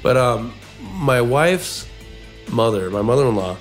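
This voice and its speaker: A man's voice: medium pitch, sing-song, measured pace, faint music behind. A man co-hosting a casual podcast, telling a long story and often repeating words as he goes. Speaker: podcast co-host.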